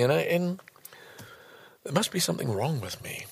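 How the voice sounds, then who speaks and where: A man reading a book aloud and commenting on it, breaking into exasperated, swearing outbursts between calm passages. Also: a little high, normal speed, vocal fry, pauses often, slightly rough. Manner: swears often.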